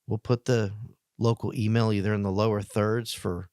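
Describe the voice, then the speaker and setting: A middle-aged male pastor giving a heartfelt, plainspoken message to men, earnest, with emotional pauses. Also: on the low side, flat delivery, a little mellow, clean tone, no room sound, clean studio sound.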